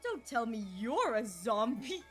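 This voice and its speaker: High-pitched woman streamer, gushing and excitable, live gameplay commentary over quiet music. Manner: giddy, gushing, fast reactions and gasps.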